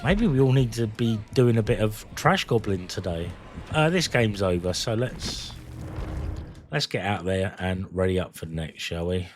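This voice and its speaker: A man's voice: fairly low pitch, expressive, normal speed, soft background music. A man chatting to his viewers while he streams a game, rambling and joking between rounds. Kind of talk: live gameplay commentary.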